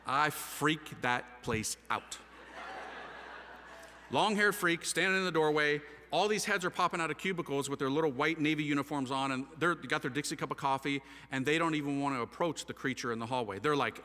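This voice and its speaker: A middle-aged man telling a personal story with lively, self-mocking energy, often acting out other people's voices. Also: on the high side, a little fast. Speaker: speaker telling his conversion story. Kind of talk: animated storytelling talk. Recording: long hall reverb.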